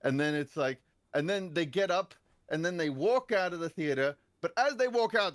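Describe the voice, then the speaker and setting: A young man with a slightly high voice tells a rambling comic story, swearing freely. His voice jumps from low mutters to loud outbursts. The sound is dry and close, with no room echo. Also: normal speed. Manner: animated, profane, big swings in pitch and volume. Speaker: podcast panel guest. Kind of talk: comedic storytelling in casual chat.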